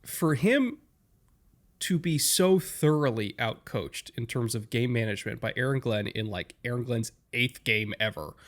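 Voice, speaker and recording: A man co-hosting a sports podcast, breaking down game decisions step by step in a casual, analytical way. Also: mid-range voice. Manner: analytical, explains step by step, many "like"s. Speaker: podcast co-host.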